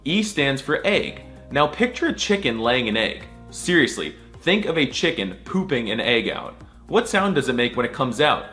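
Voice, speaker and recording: A man's voice: mid-range voice, sing-song, moderate pace, fairly bright tone, faint music behind. A man giving a sarcastic, crude mock alphabet lesson, drawing out letter sounds over and over. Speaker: comic language teacher.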